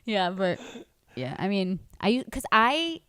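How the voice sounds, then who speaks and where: A young American woman chatting on a podcast, rambling through stories with plenty of fillers and the odd swear word. Her pitch sits in the middle, and the sound is close and dry with no room. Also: big pitch swings, slow pace, fairly bright tone, smooth, dry recording. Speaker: podcast co-host. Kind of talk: casual chat.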